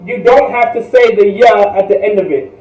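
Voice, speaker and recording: A man teaching an online language class in a patient, repetitive way, drilling words slowly and checking "all right?" often. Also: high voice, darkish tone, reverberant, far from the mic, muffled recording.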